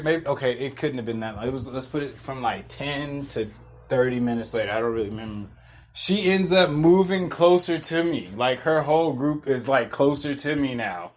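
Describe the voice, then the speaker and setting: A young man hosting a podcast, telling a rambling, laid-back story with restarts and chuckles. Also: fairly high pitch. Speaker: podcast host. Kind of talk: casual storytelling monologue.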